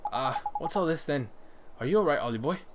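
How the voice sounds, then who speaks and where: A man's voice: fairly high pitch, expressive, brisk, very noisy, close to an everyday voice. A man doing a brash, cheeky fairy sidekick. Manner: brash and bossy, British slang. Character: cheeky loud fairy sidekick, grown male. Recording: loud game music behind.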